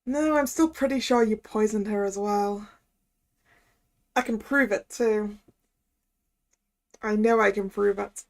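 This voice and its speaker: A woman's voice: mid-range voice, slow, long pauses. A woman voicing an earnest young male defense attorney who questions a witness. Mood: probing.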